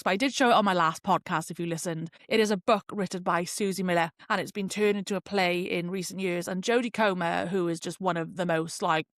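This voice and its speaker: A woman's voice: fairly low pitch, no echo, clean studio sound. Chatty woman podcast host. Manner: chatty and rambling, full of "like" fillers. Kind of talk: casual solo podcast chat.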